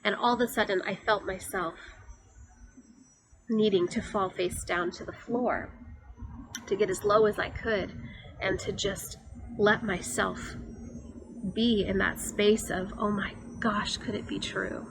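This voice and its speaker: A woman giving an earnest, confessional faith talk for her church, often pausing on fillers. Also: medium pitch, steady tone, noisy background. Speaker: church speaker.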